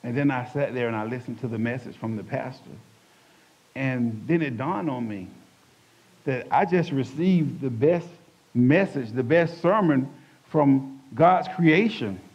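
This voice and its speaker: A man preaching a testimony as a lively storyteller who acts out the voices in his tale. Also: medium pitch, a little slow, slightly rough, muffled recording. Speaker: church speaker giving testimony.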